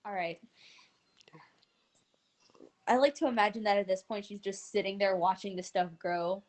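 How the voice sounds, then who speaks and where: A woman narrating as game master of a tabletop role-play, describing scenes and answering players in a relaxed way. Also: mid-range voice, moderate pace.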